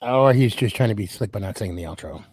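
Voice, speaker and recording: A man's voice: fairly low pitch, expressive, quick pace, a little mellow, slightly rough, no echo. A man hosting a live podcast stream, chatting casually and laughing easily. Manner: laughs easily, friendly banter. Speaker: podcast host.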